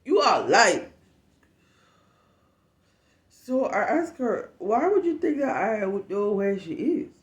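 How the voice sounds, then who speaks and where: A young woman from West Africa telling a casual storytime rant as a vlogger, animated and profane, acting out what people said. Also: fairly high pitch, a little slow, few pauses, roomy sound. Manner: animated, profane, emphatic, acts out quotes.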